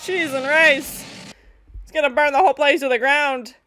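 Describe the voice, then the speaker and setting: A young woman hosting a movie reaction, excitable and laughing often as she acts out the characters. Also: sits high, normal speed, soft background music. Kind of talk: casual movie reaction commentary.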